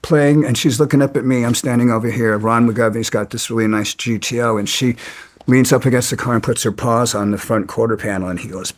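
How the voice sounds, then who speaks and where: A man's voice: mid-range voice, fairly even intonation, fairly quick. A man as an interview guest, telling stories bluntly and with some resentment, stumbling and restarting his sentences. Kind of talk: casual storytelling.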